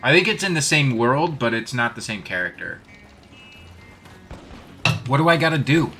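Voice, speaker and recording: A man's voice: medium pitch, sing-song, normal speed, over music. A man giving casual, self-deprecating commentary while streaming a video game and greeting his chat.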